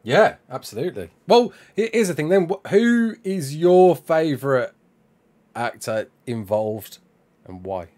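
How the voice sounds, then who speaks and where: A man hosts a casual livestream chat. His pitch swings widely, and he sounds enthusiastic and laughs often. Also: big pitch swings, unhurried, darkish tone. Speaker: host.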